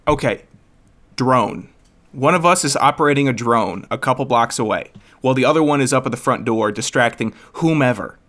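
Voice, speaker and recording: A man's voice: medium pitch, brisk, a bit bright. A man co-hosting a casual chat, joking and playfully scheming, laughing often.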